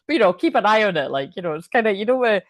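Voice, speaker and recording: A woman's voice: medium pitch, big pitch swings, very fast, no room sound. A young woman giving a casual, rambling oracle card reading, laughing often and swearing casually. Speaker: spiritual reader and coach.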